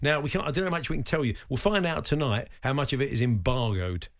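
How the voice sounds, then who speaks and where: A man's voice: medium pitch, big pitch swings, fast talker. A middle-aged man co-hosting a radio show in casual studio chat, wry and chatty, often trailing off and starting again. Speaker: radio co-host. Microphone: studio microphone.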